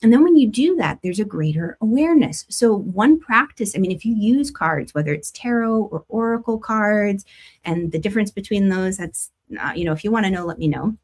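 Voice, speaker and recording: A woman's voice: medium pitch, brisk. A middle-aged woman hosting a spiritual astrology talk, chatting casually with viewers and laughing often. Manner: warm conversational, laughs often, lively emphasis. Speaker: astrology and tarot host.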